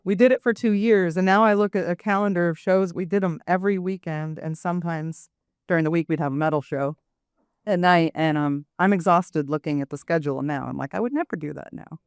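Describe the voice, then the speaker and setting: A woman's voice: on the low side, steady tone, brisk, smooth, no room sound, studio quality. A woman in her fifties, a panelist and former show booker, telling stories in a chatty way with light laughs. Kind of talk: live panel Q&A.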